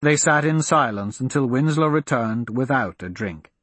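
Expressive husky male storyteller. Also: medium pitch, normal speed, no room sound. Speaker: audiobook narrator. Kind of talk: storybook narration.

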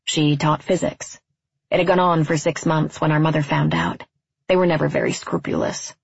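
Low gravelly woman reading a story. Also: big pitch swings, moderate pace, no echo, lo-fi sound. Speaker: narrator. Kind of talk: first-person story reading.

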